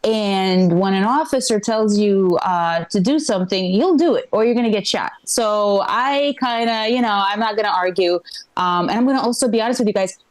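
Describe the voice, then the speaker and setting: A middle-aged Ukrainian woman does stand-up on a small club stage, telling a rambling live story and checking in with the crowd. Her voice is medium-pitched and her pace normal.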